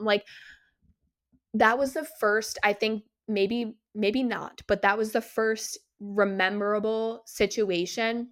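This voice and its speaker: A woman's voice: mid-range voice, normal speed. Candid young woman telling a story. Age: 20s. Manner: animated and candid, with many fillers and restarts. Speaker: podcast host. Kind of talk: casual personal storytelling.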